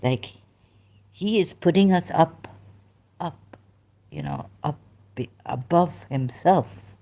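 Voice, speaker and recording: A woman's voice: deep voice, expressive, slow pace, warm tone. A woman vlogger talking casually to camera, rambling and breaking off mid-sentence to restart her thoughts. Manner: rambling, self-interrupting, many restarts. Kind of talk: casual monologue.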